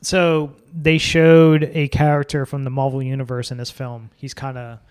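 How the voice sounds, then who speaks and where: A man's voice: mid-range voice, level tone, normal speed, smooth. A man co-hosting a podcast, chatting casually about films and swearing freely. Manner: swears freely, offhand film commentary. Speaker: podcast co-host. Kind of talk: casual chat.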